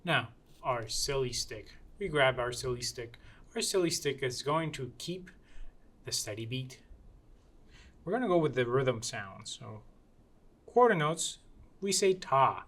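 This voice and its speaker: A woman's voice: rumbling low, expressive. A woman music teacher demonstrating a rhythm lesson in a playful way, chanting rhythm syllables. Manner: slow and deliberate. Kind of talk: classroom music lesson demo.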